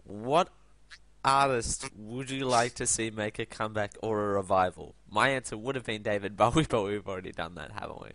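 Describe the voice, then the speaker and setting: A young man co-hosting a casual chat, chiming in with jokes and quick agreement. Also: lowish voice, a bit bright, no room sound. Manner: joking, agreeable interjections. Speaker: podcast co-host.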